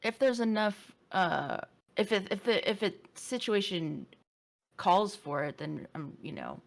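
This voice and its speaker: A woman's voice: mid-range voice, sing-song, measured pace, vocal fry. A woman playing a tabletop game who explains the rules to the other players. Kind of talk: casual chat at a game table.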